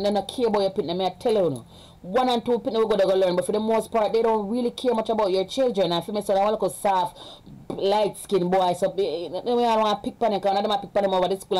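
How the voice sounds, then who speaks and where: A woman's voice: mid-range voice, mellow, low-quality recording. A woman with a Jamaican accent chatting casually on a live stream at home. She rambles along and breaks off to give her children orders.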